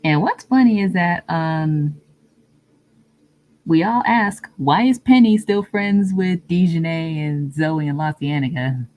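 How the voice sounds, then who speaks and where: Streamer, woman, low pitch, chatty and easygoing with viewers. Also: expressive, takes it slowly, a little mellow. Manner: chatty, answers viewer comments, laughs often. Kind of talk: casual live-stream chat.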